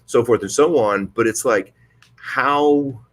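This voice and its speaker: A man's voice: mid-range voice, slow. A man hosting a podcast in casual chat, laid-back and profane, laughing often. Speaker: podcast host.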